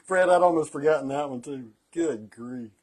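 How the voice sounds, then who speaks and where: A man's voice: fairly high pitch, moderate pace, husky. A middle-aged man co-hosting a casual cocktail show, telling stories, laughing often and acting out the voices of the people in them. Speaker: co-host of a cocktail livestream. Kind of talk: casual chat, storytelling.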